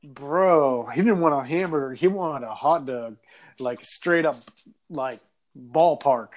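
Laughing, animated male podcast host. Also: on the high side, takes it slowly. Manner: animated storytelling, laughing often, crude. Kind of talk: casual chat.

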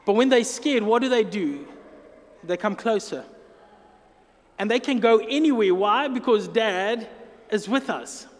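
A man's voice: high-pitched, expressive, a little slow, long pauses. A man preaching a sermon as pastor, earnest and emphatic, drawing out key phrases. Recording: long hall reverb.

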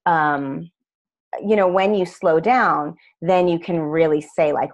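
A woman's voice: low voice, slow, muffled recording. A woman talking as a guest in an earnest, reflective conversation.

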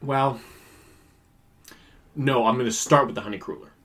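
A man's voice: medium pitch, normal speed, fairly bright tone. Male podcast co-host, rambling and self-deprecating, casual chat. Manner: rambling, self-mocking, chatty.

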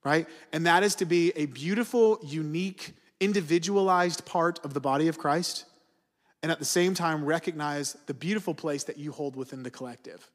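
A man's voice: a little high, moderate pace. A man in his thirties preaching a sermon in a conversational way. He often checks in with "you see what I'm saying?". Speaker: pastor. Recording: long hall reverb.

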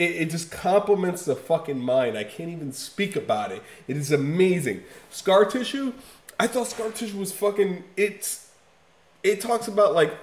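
A man in casual podcast chat, talking emphatically and with a lot of swearing, swinging from loud bursts to low, quiet stretches. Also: reverberant. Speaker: podcast co-host. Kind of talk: casual chat reviewing an album.

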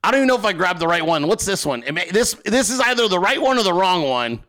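A man with a high, bright voice that swings widely in pitch as he hosts a political talk show. He rants in a crude, sarcastic way, swearing constantly and firing rhetorical questions at his listeners. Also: very animated, quick pace. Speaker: political commentary host. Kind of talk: profane unscripted rant.

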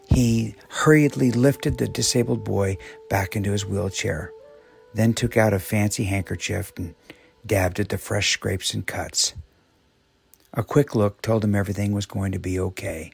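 A man reads an inspirational story in a low, husky voice with a gravelly fry. He speaks slowly and reflectively. Soft music plays beneath him. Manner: slow, measured, reflective. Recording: soft music bed behind voice.

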